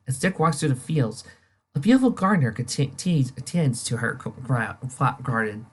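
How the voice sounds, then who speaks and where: A comic reader narrating panels aloud, animated, sometimes stumbling over words. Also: mid-range voice, moderate pace, breathy edge. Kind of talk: reading a comic aloud with voices.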